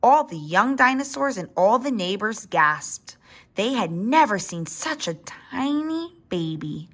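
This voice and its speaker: Expressive woman reading a children's story. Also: medium pitch, slow. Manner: expressive, with asides to young listeners. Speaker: reader. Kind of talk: children's story read-aloud.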